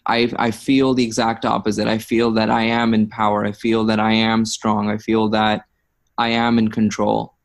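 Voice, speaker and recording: A man in a study group discussion, speaking slowly and reflectively, often pausing and restarting as he searches for words. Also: fairly low pitch, monotone, creaky.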